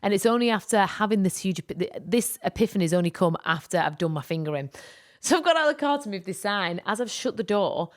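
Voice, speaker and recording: A woman co-hosting a podcast, telling a personal story in an animated, rambling way with lots of fillers. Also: mid-range voice, fast talker. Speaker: podcast co-host. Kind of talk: casual storytelling chat.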